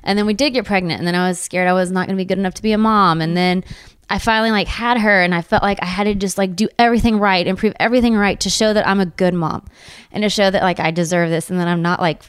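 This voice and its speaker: Young woman, podcast host, quick talk, heartfelt, smooth voice, dry close sound. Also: mid-range voice, fairly even intonation, dry recording. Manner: heartfelt, many filler words. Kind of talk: casual chat.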